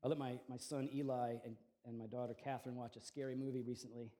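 A man's voice: mid-range voice, flat delivery, fast, warm tone. A man in his forties preaching a sermon as pastor, telling stories in a conversational way with fillers and restarts.

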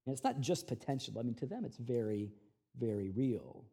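A male pastor preaching a sermon in an animated, conversational way, with casual slang. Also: medium pitch, fairly quick, slightly rough.

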